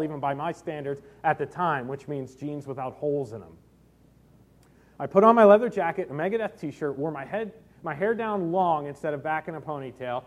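A middle-aged man preaching a sermon, telling personal stories with self-deprecating humor. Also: fairly high pitch. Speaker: pastor.

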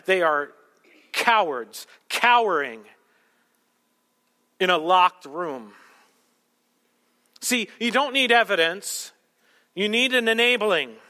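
A man's voice: high-pitched, bright, forceful tone, long reverb tail. A man preaching a sermon as a pastor, teaching through a passage and asking rhetorical questions.

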